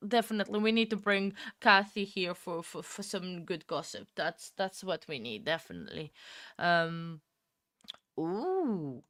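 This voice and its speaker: A young woman hosting a livestream, chatting casually with viewers, laughing often and filling pauses with ums. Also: on the low side, animated, a bit bright, dry recording, clean studio sound. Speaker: livestream host. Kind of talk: casual chat with live viewers.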